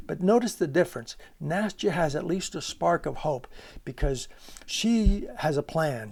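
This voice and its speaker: A man lectures on literature in a slightly high, gravelly voice. He talks earnestly and emphatically, poses rhetorical questions, and keeps breaking off to restart his sentences as he works through his ideas. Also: darkish tone.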